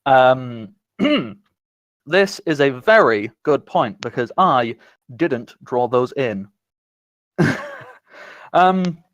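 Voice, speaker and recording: A man's voice: mid-range voice, no room sound, dull audio. Dry, close game master man. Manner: descriptive, chuckling, measured. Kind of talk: narrating a tabletop game.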